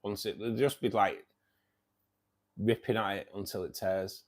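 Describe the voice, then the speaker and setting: A man's voice: on the low side, fairly even intonation, a little slow. A man hosting a casual livestream. He reads out viewers' chat, says "mate" a lot and laughs often. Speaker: livestream host reading chat.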